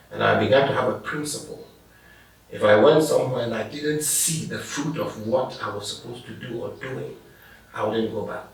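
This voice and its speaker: A man's voice: fairly low pitch, vocal fry. A middle-aged man, a pastor telling stories and laughing as he answers interview questions. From Ghana. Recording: echoey room, distant mic.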